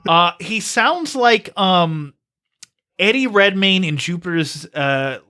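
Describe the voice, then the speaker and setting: A man hosting a podcast in casual chat, animated and firing off rhetorical questions. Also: high-pitched, slow, smooth. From United States. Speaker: podcast host.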